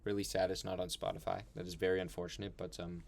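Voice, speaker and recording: A young man hosts a loose, casual film chat, rambling along with plenty of fillers and laughs. His voice sits a little low. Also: little pitch movement, quick pace, vocal fry, noisy background. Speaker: podcast host.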